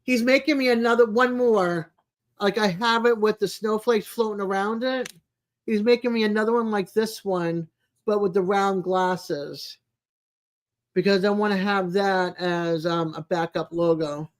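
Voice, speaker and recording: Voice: medium pitch, steady tone, unhurried. An adult live streamer in casual, rambling chat, greeting viewers by name and making homey small talk with plenty of fillers. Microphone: home streaming mic, no camera.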